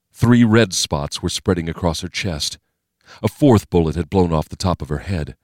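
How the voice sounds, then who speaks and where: A man giving scripted narration of a thriller as an audiobook narrator, in a steady, measured, dramatic reading. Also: low-pitched, dry recording, studio quality.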